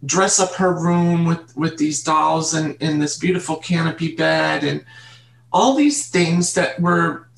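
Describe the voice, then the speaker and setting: Earnest woman interview guest, gravelly, recorded in an echoey room. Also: low-pitched. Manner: earnest, halting, repeats words. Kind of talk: personal storytelling in an interview. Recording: roomy echo.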